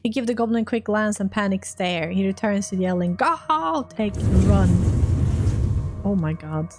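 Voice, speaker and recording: Over background music, a woman streamer with a mid-range voice reads a role-playing game's text aloud at a brisk pace. She reacts in an animated way, swearing and laughing whenever things go wrong.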